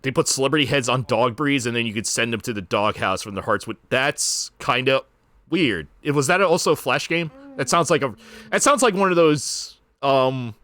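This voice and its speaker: A man's voice: mid-range voice, lively intonation, moderate pace, fairly bright tone, no room sound. A man streaming a retro video game, rambling with sarcastic asides. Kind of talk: casual gaming commentary.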